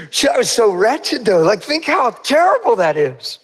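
A middle-aged man preaching a sermon, telling stories and acting out other people's voices in high squeals. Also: slightly rough.

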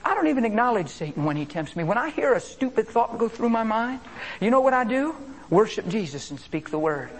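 A man preaching a sermon with animated delivery, swinging between loud exclamations and hushed asides. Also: sits high, brisk.

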